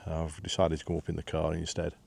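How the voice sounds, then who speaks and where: Here a vlogger talks fast in a rumbling low, creaky, slightly mellow voice with a totally flat delivery. Walking and filming on a windy hillside path, he's winded from the climb and rambles casually, full of "uh"s and self-deprecating humor.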